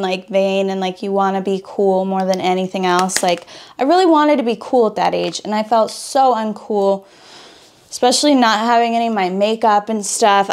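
A woman's voice: medium pitch, a little mellow. A young woman from Wisconsin telling a personal story in a casual vlog while doing her makeup, full of "like" fillers and restarts. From Wisconsin, USA. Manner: chatty, lots of "like" fillers and restarts. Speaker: beauty vlogger.

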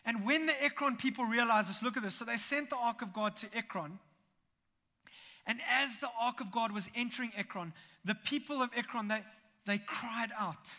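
A man preaching a sermon in a church, telling the story in a lively way with humorous asides. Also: very high voice, fairly quick. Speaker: pastor. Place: church sanctuary. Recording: long church hall reverb.

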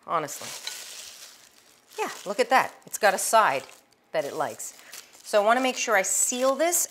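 A middle-aged woman hosting a casual cooking demonstration, chatty and enthusiastic, with a loud, projecting voice, talking to the viewer as she works the dough. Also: mid-range voice, slight background noise. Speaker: cooking show host.

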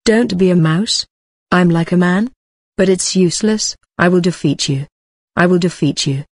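A woman's voice: on the low side, normal speed, breathy edge, no echo, studio quality. A woman voicing a proud, mocking young woman fighter in a storybook reading, scornful and defiant.

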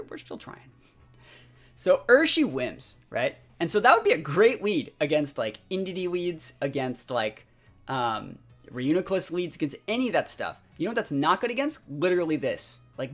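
Young man, gameplay commentary, chatty, excitable, slightly high voice, soft background music. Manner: chatty, excitable, lots of fillers. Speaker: competitive game commentator.

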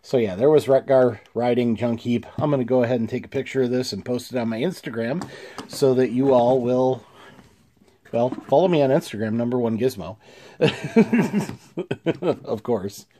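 A man chatting through a toy review in a mellow, darker tone. He sounds a little congested, clears his throat now and then, and keeps it easygoing with plenty of "uh"s and restarts. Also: medium pitch, normal speed. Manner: easygoing, chuckling, many fillers and restarts.

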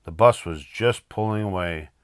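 An older man reading a children's picture book aloud in a lively, expressive way. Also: low voice, normal speed, clear, resonant tone, dry recording, studio quality. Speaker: storyteller.

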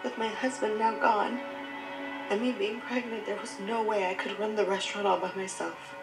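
An actress as a proud, grieving widowed young mother in a scripted web drama, earnest and heartfelt as she speaks. Her mid-pitched voice rings in a roomy space, and clear music plays underneath. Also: level tone, moderate pace, natural voice. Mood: sorrowful. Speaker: struggling mother.

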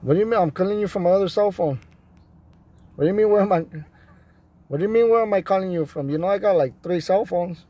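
This man's voice is high-pitched and mellow; he talks fast but leaves long pauses. He's a vlogger recording casually on his phone from his truck and an alley, laughing frequently and teasing the people watching.

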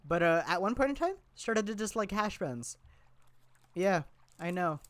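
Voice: medium pitch, expressive, unhurried, fairly bright tone, no echo. A gameplay commentator chatting casually and playfully to viewers, rambling, giggling often and joking about themself.

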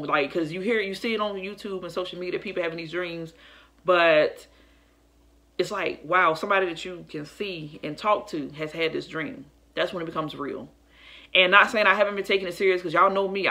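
A woman's voice: fairly low pitch, fairly bright tone. A young woman telling viewers about a dream in a casual, earnest and emotional way, calling them y'all. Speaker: faith vlogger. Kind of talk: casual testimony to camera.

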